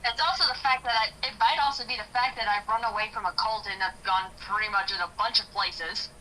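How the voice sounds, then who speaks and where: A woman's voice: mid-range voice, steady tone, brisk, pushed and bright, far from the mic, slight background noise, low-quality recording. A woman playing in an online tabletop game, explaining her character's background in a matter-of-fact way. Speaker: player. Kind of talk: casual game chat.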